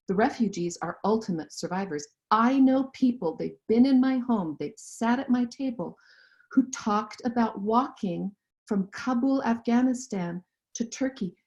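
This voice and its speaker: A woman's voice: a little high, animated, normal speed, a little mellow. A woman guest in an interview, speaking in an earnest, impassioned way. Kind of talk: interview conversation. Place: lives in Central Europe. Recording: dull, muffled audio.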